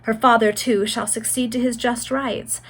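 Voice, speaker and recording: A woman's voice: fairly high pitch, level tone, normal speed, slightly rough. A frail young maiden on her deathbed speaks with earnest, rising fervour, read by a woman. Her lines come in a plain storybook reading voice, tender and prophetic. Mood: fervent.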